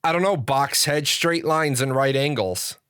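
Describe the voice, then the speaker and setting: A stern older man guarding a school door, curt and dry, firing back questions at anyone who greets him, as a man puts him on. The voice sits at an ordinary middle pitch with a dry, close sound. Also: unhurried, a bit bright, clear, resonant tone, no echo, close to an everyday voice.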